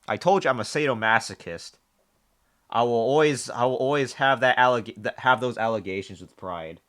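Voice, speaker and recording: A man's voice: medium pitch, moderate pace, a bit bright. A man live-streaming, chatting casually with viewers, joking, swearing and often restarting his sentences. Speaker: livestreamer reading chat.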